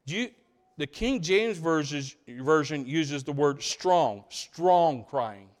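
A pastor delivers a sermon in a fairly high-pitched voice, animated yet slow-paced. He swings between loud, stressed lines and quiet, low passages, often pausing to pose rhetorical questions to his congregation.

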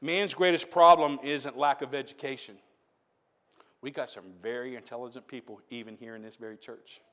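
A man preaching a sermon in a church, swinging from hushed questions to loud shouted appeals. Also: mid-range voice, fairly even intonation, moderate pace, long reverb tail. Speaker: pastor. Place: church sanctuary.

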